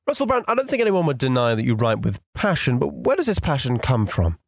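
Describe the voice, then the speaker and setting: A man hosting a scripted comedy news show and asking questions in a dry, deadpan way. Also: mid-range voice, quick pace, gravelly, no room sound. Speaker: host.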